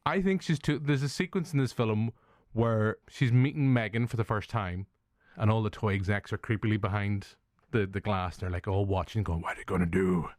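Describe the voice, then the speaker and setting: A man's voice: on the low side, moderate pace, dry recording, studio quality. A man with a Northern Irish accent hosting a film review podcast, chatting casually, joking, laughing often and swearing. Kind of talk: casual chat.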